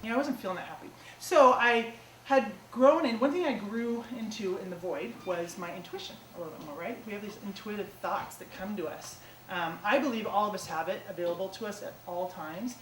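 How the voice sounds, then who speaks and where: A woman's voice: mid-range voice, a little fast, distant mic. Chatty woman telling stories in an echoey theater. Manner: chatty, self-mocking, lots of "like" and "you know". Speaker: comedic storyteller. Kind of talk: live stand-up storytelling. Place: small theater stage before a live audience. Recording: echoey theater taped from afar with audience noise.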